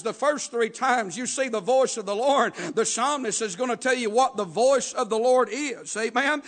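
Male preacher, very high pitch, rhythmic sermon delivery with call-and-response. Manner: rhythmic preaching with frequent "uh" and "Amen?" call-outs, rising to shouts.

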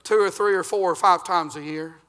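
Older pastor, folksy sermon delivery, bright and ringing tone. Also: male voice, sits high, brisk. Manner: folksy preaching, swinging from loud to quiet.

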